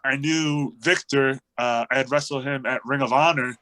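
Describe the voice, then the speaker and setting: Bright-voiced man telling a story. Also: mid-range voice, moderate pace, poor audio. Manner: animated storyteller, acts out quotes, laughs often. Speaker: wrestler, interview guest. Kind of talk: casual storytelling interview.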